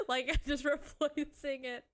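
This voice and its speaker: A woman streaming live, chatting casually, giggling, swearing and teary as she thanks her viewers. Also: sits high.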